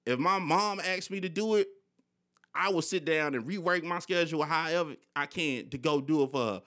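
A man's voice: fairly high pitch, moderate pace, fairly bright tone. A young man hosting a podcast, telling personal stories candidly in casual slang with frequent swearing. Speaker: podcast host. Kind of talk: casual conversation.

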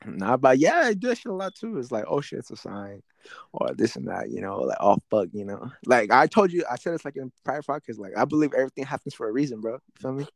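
A young man hosting a podcast, talking casually in a halting, rambling way, often searching for words. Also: mid-range voice, sing-song, vocal fry, dry recording. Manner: rambling, halting, many fillers and restarts. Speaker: podcast host. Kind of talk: casual chat.

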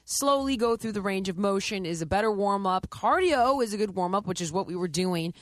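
A woman's voice: medium pitch, animated, fairly quick, no echo. A woman co-hosting a talk show in a casual chat, teasing and sarcastic, with dry humor, who also talks about fitness. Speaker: podcast co-host, fitness trainer.

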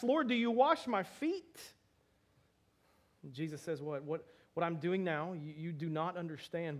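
A man with a high-pitched voice delivers a lively sermon. He talks to the congregation conversationally, acting out the dialogue with humor. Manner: animated, acts out dialogue with laughs and asides. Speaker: pastor.

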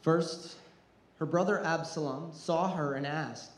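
Male pastor, fairly high voice, earnest sermon delivery, roomy echo. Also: slow. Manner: earnest, repeats words when restarting, rises in intensity.

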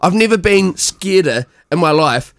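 A man with a New Zealand accent co-hosting a casual podcast chat, animated and laughing, swearing freely. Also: high-pitched, normal speed, no room sound, clean studio sound. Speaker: podcast co-host.

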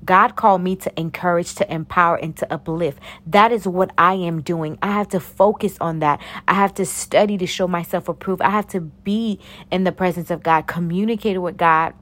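A young woman giving a casual, preachy talk of faith encouragement to her viewers, animated and calling them honey and sugar plum. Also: fairly low pitch, normal speed. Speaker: faith-based encourager and YouTuber.

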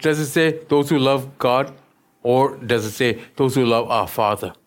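A pastor preaching a sermon, often stopping to check that the listeners follow him. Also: male voice, medium pitch, steady tone, measured pace, faint music behind. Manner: keeps checking in with the listeners, asking "yes?".

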